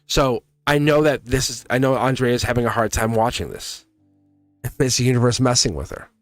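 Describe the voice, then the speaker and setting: A man of middle pitch talks loosely to viewers during a live tarot reading. He rambles and laughs often, and faint music plays behind him. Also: a little fast, no echo. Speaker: tarot reader hosting a live stream. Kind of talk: casual live-stream chat.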